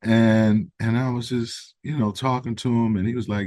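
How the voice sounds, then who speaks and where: A man, a guest who founded a recovery organization, speaks in an interview in an earnest, reflective way. He tells stories conversationally, with fillers, and gets more animated when he stresses a point. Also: medium pitch, normal speed, dry recording. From United States. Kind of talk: interview storytelling.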